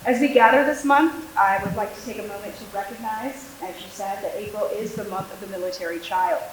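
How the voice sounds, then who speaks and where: A woman's voice: mid-range voice, a little fast. A middle-aged woman giving a prepared address at a school board meeting, projecting her voice like a teacher. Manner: projecting teacher voice without a microphone. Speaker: military school liaison. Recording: very echoey room, faint hiss.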